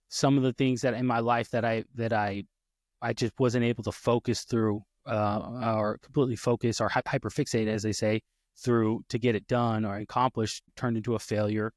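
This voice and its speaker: Animated man telling a story. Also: mid-range voice, no room sound, clean studio sound. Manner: animated, acts out quoted voices, many restarts. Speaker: podcast co-host. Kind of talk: casual storytelling chat.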